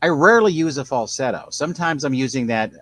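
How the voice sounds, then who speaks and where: A man appearing as a musician guest on a radio show, talking about singing in a relaxed, rambling, self-deprecating way. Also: mid-range voice, fast. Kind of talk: casual chat.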